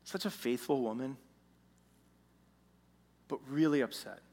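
A pastor telling a story in a sermon, animated, moving between hushed moments and emphatic ones. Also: male voice, mid-range voice, measured pace, gravelly. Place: church sanctuary. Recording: long church reverb.

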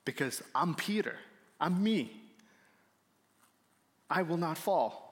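A man's voice: on the high side, expressive, takes it slowly, big-room sound. A man playing Peter as a proud, stubborn follower, speaking in a boastful, defiant way.

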